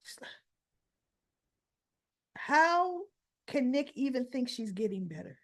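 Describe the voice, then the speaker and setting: A woman with a gravelly voice on the high side hosts a casual soap opera recap at a fairly quick pace. She retells scenes and performs the characters' lines with lively emphasis.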